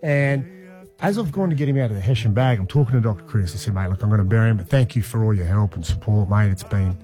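A man, telling a long personal story on a radio show in an animated, conversational way. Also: fairly low pitch, quick pace, soft background music. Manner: animated, conversational, says "man" and "mate" often. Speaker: radio host.

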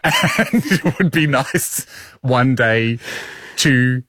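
A man's voice: medium pitch, huge pitch swings, extremely slow, fairly bright tone, breathy edge, dry recording, clean studio sound. A middle-aged man co-hosting a podcast, teasing his co-host in a wry, playful way. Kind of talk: casual chat.

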